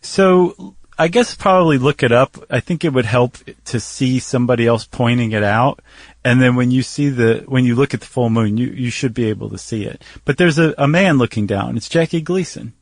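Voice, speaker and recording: A man's voice: mid-range voice, moderate pace, dry recording. A man co-hosting a podcast in casual chat, wry and joking. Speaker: podcast co-host.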